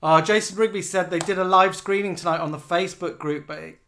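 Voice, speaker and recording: A man's voice: high-pitched, brisk, sharp tone. Giggly English man co-hosting a chat. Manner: chatty, giggly, reads out comments. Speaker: podcast co-host. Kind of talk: casual chat reading viewer comments.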